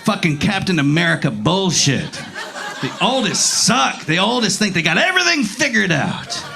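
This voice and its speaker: A man doing a profane, animated stand-up set with crowd work, recorded live on a handheld mic in a comedy club. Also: sits high, moderate pace, vocal fry, a little hiss or hum. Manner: profane, animated, laughing through lines.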